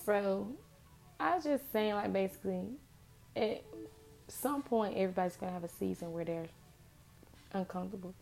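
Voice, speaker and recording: A woman's voice: medium pitch, moderate pace, gravelly, pauses often, darkish tone, faint music behind. A woman giving an earnest, impassioned motivational faith talk, repeating phrases for emphasis.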